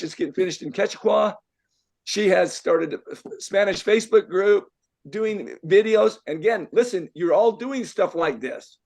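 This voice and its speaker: In an event room before a live group, an older life coach speaks in a high, creaky voice. He delivers an emphatic motivational talk, repeating himself and throwing out rhetorical questions.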